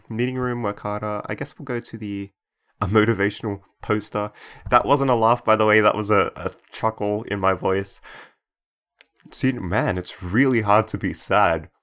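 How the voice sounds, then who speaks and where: A young man with a slightly low voice talks casually over a game he is playing. He is chatty and jokey, reads the on-screen text aloud, and holds back laughter as he goes. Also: moderate pace, fairly bright tone, smooth. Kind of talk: casual gameplay commentary.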